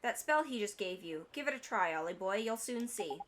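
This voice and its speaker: A woman's voice: mid-range voice, lively intonation, very fast, background noise, close to an everyday voice. A woman voicing a cheeky, bossy little male fairy companion with folksy slang in a game. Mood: chatty.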